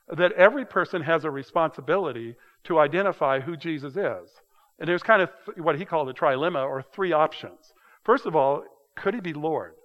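A man teaching a casual Bible study in a conversational, halting way, often restarting and repeating words. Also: on the high side, a bit bright. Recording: dull sound with long hall reverb.

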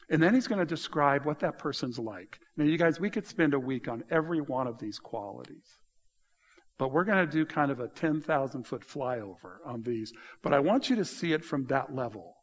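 A man preaching a sermon as pastor, explaining scripture and telling animated stories with emphatic, lively delivery. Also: on the high side, moderate pace, husky, big-room sound.

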